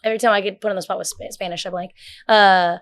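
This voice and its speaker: A young woman chatting as a podcast guest, talking fast and rambling with lots of fillers. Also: mid-range voice, steady tone, a bit bright. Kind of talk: casual chat.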